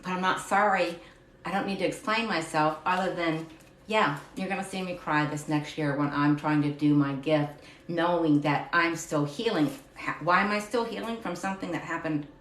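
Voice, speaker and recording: A lower-pitched woman with a drawl speaks in a raw, confessional way, drifting between thoughts as she talks to viewers. She sits a little back from the mic in a roomy, echoey space. A faint room hum sits behind her. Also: fairly bright tone. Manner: emotional, confessional, rambling. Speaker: live stream host. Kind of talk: personal testimony to a live audience. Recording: roomy echo, slightly distant mic.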